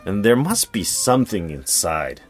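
Animated male storyteller. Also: lowish voice, faint music behind. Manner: animated, playful, slightly halting English. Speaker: storyteller, co-host. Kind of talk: casual podcast storytelling.

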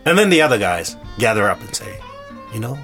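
A man's voice: on the low side, very animated, fast talker, creaky, fairly bright tone, faint music behind. A man hosting a podcast, telling a folk tale in a casual, chatty way and laughing often. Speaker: storyteller and podcast host. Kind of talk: casual storytelling.

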